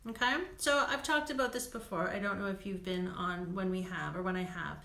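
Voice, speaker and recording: A woman's voice: fairly low pitch, fairly quick, creaky, sharp tone, roomy sound. A woman doing live card readings for viewers, chatty and laughing often, checking in with "okay?". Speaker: intuitive card reader.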